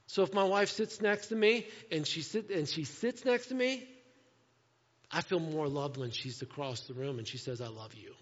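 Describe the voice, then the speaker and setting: A man's voice: fairly high pitch, lively intonation, moderate pace, muffled recording. Man preaching in a reverberant church hall. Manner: conversational, shifting between playful and hushed. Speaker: pastor. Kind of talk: sermon. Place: church sanctuary.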